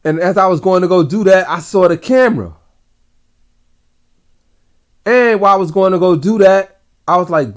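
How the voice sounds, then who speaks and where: A man's voice: sits high, a little fast. Rambling man telling a dream story. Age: adult father. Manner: rambling, talks to viewers directly, slangy. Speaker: vlogger recounting dreams. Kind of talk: casual storytelling.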